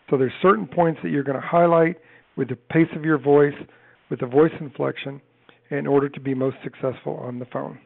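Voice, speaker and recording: Guy doing a sales training talk, gravelly voice, sounds tinny like over a phone. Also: on the high side. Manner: brisk, emphatic list-driven coaching.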